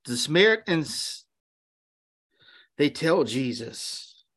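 A man's voice: a little high, sing-song, slow, a bit bright. A man preaching a sermon, telling a story with quoted dialogue before moving into emphatic preaching. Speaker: pastor.

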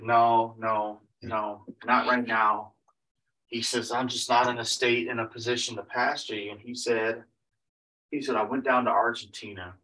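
A man's voice: medium pitch, pushed and bright. A man preaching, retelling another man's story in a rambling way, with many repeated "he said" tags and restarts. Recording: voice picked up from a distance.

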